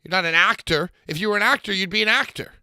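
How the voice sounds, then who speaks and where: A man co-hosting a podcast, rambling excitably about wrestling and swearing as he goes. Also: high voice, fast talker, smooth, dry recording, clean studio sound. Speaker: podcast co-host. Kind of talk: casual wrestling chat.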